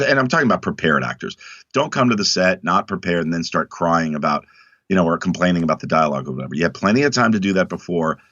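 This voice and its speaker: A man talking as a guest in a casual interview, emphatic and animated, acting out quotes in other voices. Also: deep voice, dry recording. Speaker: actor guest. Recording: dull lo-fi dry sound.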